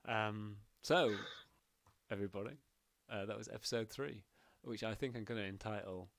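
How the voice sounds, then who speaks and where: A man's voice: fairly low pitch, moderate pace, vocal fry, a bit bright, dry recording. A man narrating as game master, rambling with many fillers.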